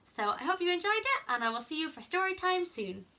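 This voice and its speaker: Bright young woman reading a storybook. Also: very high-pitched, sing-song, fairly quick. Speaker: camp counselor reading aloud.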